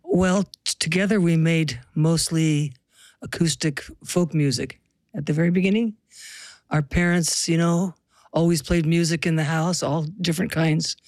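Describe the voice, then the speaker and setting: A woman's voice: deep voice, steady tone, normal speed, darkish tone, dry recording, clean studio sound. An older woman from the US Pacific Northwest, a musician guest telling stories in an interview with a wry, reflective manner. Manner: reflective, wry storytelling with laughs. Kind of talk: interview conversation.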